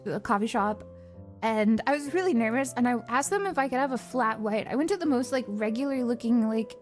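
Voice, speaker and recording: A young woman streamer telling stories in an animated, giggly way, swearing often. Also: sits high. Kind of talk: casual chat.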